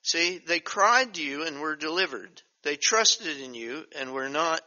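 Older guy pastor teaching bible study, bright voice, reads verses real slow and emphatic, dull lo-fi sound. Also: a little high, lively intonation. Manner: reads scripture slowly and emphatically, with chatty asides. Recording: dull lo-fi recording.

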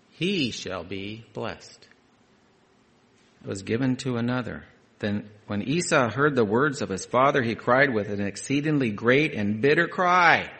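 Man preaching with quiet asides. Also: medium pitch. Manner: reads scripture aloud, then adds conversational asides, dropping to quiet emphasis. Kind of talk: sermon.

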